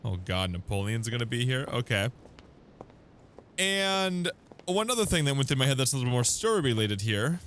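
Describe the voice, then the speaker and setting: A man's voice: medium pitch, big pitch swings, moderate pace, fairly bright tone, a little hiss or hum. A chatty young man giving let's play commentary on a video game, laughing often. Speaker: gaming YouTuber.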